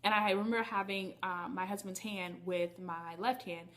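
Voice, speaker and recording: A woman's voice: medium pitch, fairly even intonation, normal speed, a bit bright. A woman vlogger telling a personal story to her viewers in a candid, chatty way. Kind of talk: casual storytelling to camera.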